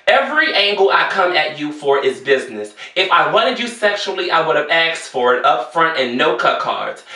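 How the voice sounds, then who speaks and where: A man telling a story in a sassy, theatrical rant, jumping into high exclamations. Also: pushed and bright. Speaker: vlogger. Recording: echoey room, voice a bit far from the mic.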